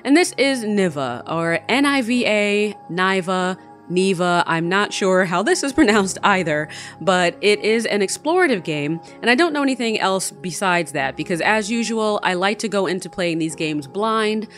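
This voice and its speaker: A woman's voice: medium pitch, expressive, normal speed, fairly bright tone, faint music behind. A woman hosting a casual let's play, chatting as she explores a game and squealing when she spots creatures. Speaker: gaming channel host.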